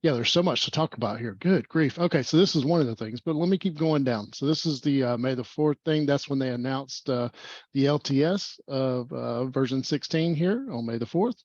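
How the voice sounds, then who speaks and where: Male meetup host on a video call, fast and rambling, a bit muffled, dry sound. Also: medium pitch, darkish tone, dry recording. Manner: rambling, fast, many fillers. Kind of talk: casual online meetup presentation.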